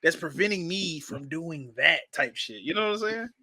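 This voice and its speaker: A man's voice: fairly high pitch, expressive, moderate pace, sharp tone, no echo. A man co-hosting a casual chat, rambling with many fillers and swear words, sounding amazed. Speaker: co-host reacting to a song.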